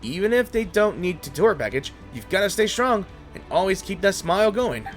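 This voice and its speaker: A man's voice: animated, moderate pace, soft background music. Man doing a pushy travel-agent salesman. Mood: lecturing. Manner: rattling off sales pitches.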